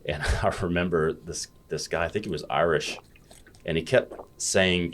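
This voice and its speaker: A man's voice: low voice, steady tone, normal speed, fairly bright tone, a little hiss or hum. An American man telling stories as a guest in a casual podcast chat, blunt and freely swearing. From United States. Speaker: guest, fitness educator.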